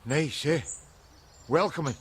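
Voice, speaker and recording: A man's voice: fairly high pitch, takes it slowly, a little hiss or hum. A man playing a scruffy, crude, middle-aged Glaswegian man who mocks people with sarcastic asides. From Glasgow. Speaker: sitcom character. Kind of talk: sitcom acting. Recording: TV clip with music over it.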